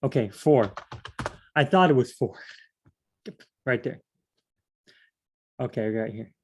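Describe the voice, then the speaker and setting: A man's voice: medium pitch, slow, a little mellow, a little hiss or hum. A man leading a casual Bible study, rambling and asking himself questions as he reads. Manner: rambling, thinks aloud and asks himself questions; repeats phrases, many fillers.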